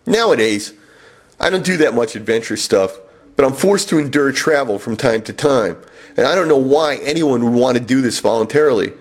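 A man telling a comic personal travel story with wry, deadpan self-mockery. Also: mid-range voice, normal speed, breathy edge.

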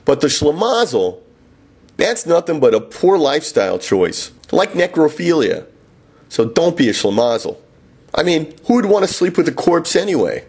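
Husky man with wry storytelling. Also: on the high side, very animated, normal speed, a little mellow. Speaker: author and narrator. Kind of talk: reading a first-person memoir.

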